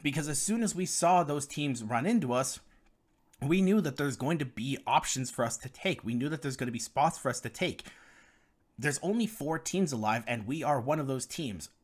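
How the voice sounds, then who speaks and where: A man's voice: medium pitch, lively intonation, normal speed. Man explaining game strategy. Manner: explanatory, talks viewers through strategy. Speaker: gaming guide creator. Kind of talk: gameplay commentary guide.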